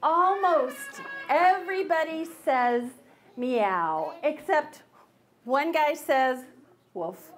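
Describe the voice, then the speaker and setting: High, lively woman storyteller. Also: drawn-out words. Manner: playful, mock-puzzled coaxing with stammered restarts. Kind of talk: children's storytime. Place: public library.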